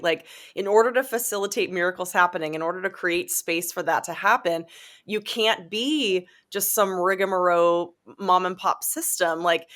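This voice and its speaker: A woman with a lower-pitched voice talks about coaching in an upbeat, enthusiastic way on a live video call. She sounds casual and encouraging, and laughs along easily. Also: a bit bright. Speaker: co-host and practice coach, former chiropractic assistant. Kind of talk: casual webcast talk.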